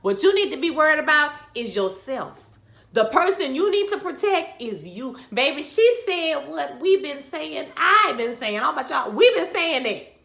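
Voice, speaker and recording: Bright, animated woman recapping TV. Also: high-pitched, normal speed, vocal fry. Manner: animated, slangy, acting out quotes. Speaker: TV recap host. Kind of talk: casual recap vlog. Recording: echoey room.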